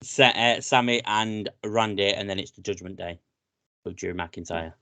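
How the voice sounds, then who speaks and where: A British man co-hosting a casual wrestling podcast, chatty and excitable, often saying "mate". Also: fairly low pitch, normal speed, dry recording. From Britain. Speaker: podcast co-host.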